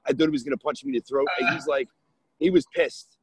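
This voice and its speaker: A man's voice: medium pitch, quick pace, background noise. A man from New York, a real estate investor, telling a deal story as a podcast guest and acting out the dialogue. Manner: animated, acts out dialogue in his story.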